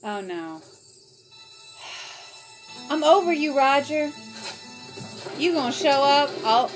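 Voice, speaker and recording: A woman hosting a TV reaction video, talking back to the screen in an expressive, exclaiming way. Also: high-pitched, slow, over music. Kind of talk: casual TV reaction commentary. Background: TV episode audio playing.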